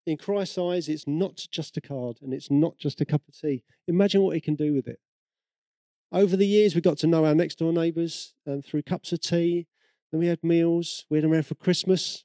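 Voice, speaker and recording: British man preaching, warm dry voice. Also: fairly high pitch, no echo. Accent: British English. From Britain. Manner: conversational storytelling, acts out quoted voices. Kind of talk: sermon with personal stories.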